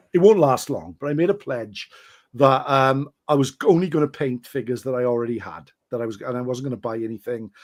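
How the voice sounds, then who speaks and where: A man's voice: medium pitch, a little mellow. A Welsh man chatting casually as a podcast guest, telling self-deprecating stories with lots of restarts. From Wales. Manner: rambling, self-deprecating anecdotes with many restarts. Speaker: guest storyteller and wargamer.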